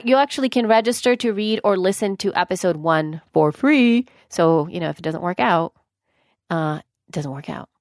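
A woman co-hosting a podcast in casual chat, chatty and excitable, often saying "dude". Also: fairly low pitch, no echo, studio quality. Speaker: podcast co-host.

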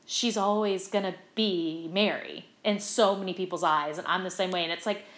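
A middle-aged woman, a stage actress, telling stories as a guest in a casual interview, animated and full of fillers. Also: fairly low pitch, moderate pace. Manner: animated, chatty, lots of fillers. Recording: roomy echo.

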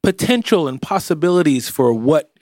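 A man's voice: on the high side, lively intonation, normal speed, darkish tone, no room sound, studio quality. A man co-hosting a casual podcast chat, wry and teasing, thinking aloud as he goes. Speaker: podcast co-host. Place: podcast studio.

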